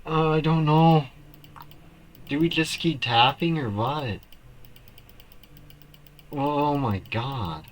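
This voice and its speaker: A man streaming a game live, reacting with loud shocked exclamations and flustered muttering. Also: a little high, takes it slowly, pauses often, slight background noise, poor audio.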